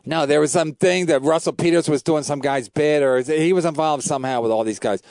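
Profane rambling comedian, crisp dry voice. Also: male voice, a little high, fairly quick, darkish tone, no echo. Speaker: comedian, podcast host. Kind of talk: casual podcast chat.

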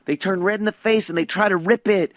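A man's voice: high-pitched, fairly even intonation, fast, no echo, studio quality. A man chatting casually as a podcast host, profane and mocking, often mimicking people. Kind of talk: casual chat.

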